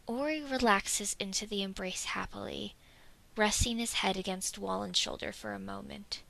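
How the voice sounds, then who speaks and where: A woman reads a story aloud in a soft narration that sometimes sinks to a half-whisper. Her voice is bright and forward. It has a gravelly, creaky texture. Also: mid-range voice, normal speed, poor audio. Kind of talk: reading fan fiction aloud.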